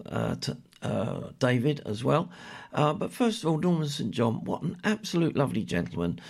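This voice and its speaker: An older man presenting a radio show, chatting and reminiscing in a rambling way with many pauses and fillers. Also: medium pitch, darkish tone.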